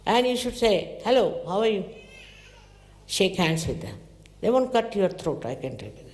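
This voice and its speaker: A woman delivers a spiritual talk to her followers, shifting from low, confiding phrases to sudden high exclamations as she tells her stories. The recording comes from a large hall with a long, ringing echo around her voice. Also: normal speed, slight background noise. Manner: animated storytelling with sudden pitch jumps. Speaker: spiritual teacher.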